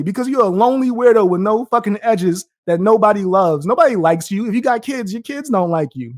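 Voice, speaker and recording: A man's voice: sits high, expressive, moderate pace, no echo, clean studio sound. A young man live streaming, reacting with a profane, combative rant and taunting his viewers between laughs.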